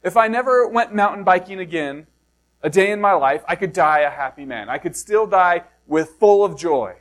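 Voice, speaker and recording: Middle-aged male pastor, high voice, chatty sermon delivery with rhetorical questions. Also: expressive. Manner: reads scripture slowly and low, then preaches conversationally with rhetorical questions; self-deprecating asides.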